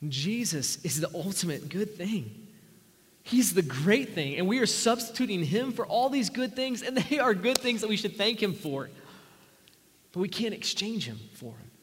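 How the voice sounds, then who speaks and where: A pastor preaching a sermon in an earnest, conversational way, sometimes dropping to a near whisper. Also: male voice, high-pitched, sing-song, normal speed, slightly rough. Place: church sanctuary. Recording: long church-hall reverb.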